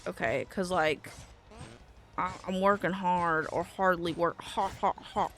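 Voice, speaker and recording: A woman streaming a video game live, excitable and quick to swear, jumping from yelps to low muttering as she plays and thanks her chat.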